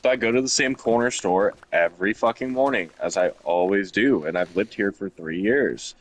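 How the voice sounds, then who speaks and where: A man's voice: on the low side, normal speed, a little hiss or hum. Crude, rambling young man. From Ohio. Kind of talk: casual chat while gaming.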